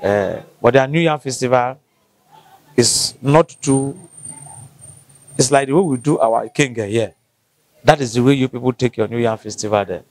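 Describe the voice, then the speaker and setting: A man with a Nigerian accent answering interview questions, halting and restarting as he searches for words. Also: medium pitch. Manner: halting, restarts often, slow to find words. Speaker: interviewee from the local community.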